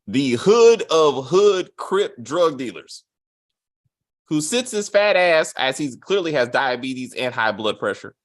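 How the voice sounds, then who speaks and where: A man's voice: a little high, slow pace. A man reviewing a TV series in casual, profane chat, mocking the plot with acted-out quotes. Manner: animated, swearing, mocking retellings with acted quotes. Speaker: TV show reviewer.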